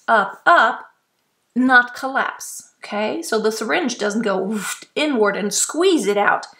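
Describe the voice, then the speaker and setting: Woman vocal coach, slightly high, slow and patient teaching delivery. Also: creaky, fairly bright tone. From Germany. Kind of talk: instructional explanation.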